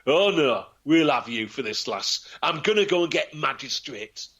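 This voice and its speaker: Man doing blunt young lad, commanding, bright voice. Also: fairly high pitch, lively intonation, normal speed, slightly rough, exaggerated voice. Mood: stern. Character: bold young man, stern, protective son.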